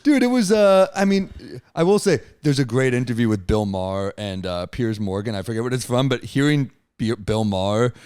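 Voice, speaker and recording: A man's voice: medium pitch, big pitch swings, normal speed, hardly any pauses, darkish tone, clean tone, no room sound, clean studio sound. A man, a comedian guest on a podcast, riffing sarcastically and swearing in casual chat.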